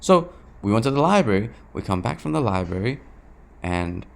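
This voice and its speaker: A young man with a lowish, gravelly voice speaks straight to his camera in a confessional vlog. His delivery is restless and emotional, full of restarts, repeated words, swearing and "bro.". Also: big pitch swings, normal speed. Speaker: vlogger.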